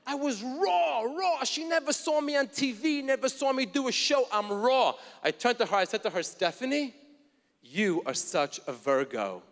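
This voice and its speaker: A male stand-up comedian telling stories punchily and shouting his punchlines on a festival stage. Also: very high voice, animated, moderate pace, few pauses. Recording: reverberant hall stage with faint noise.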